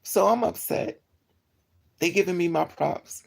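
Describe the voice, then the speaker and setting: Gravelly, husky woman telling a story. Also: measured pace. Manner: animated, swings into high yelps for quoted lines; profane, slangy and blunt. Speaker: streamer telling a personal story. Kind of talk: casual storytelling.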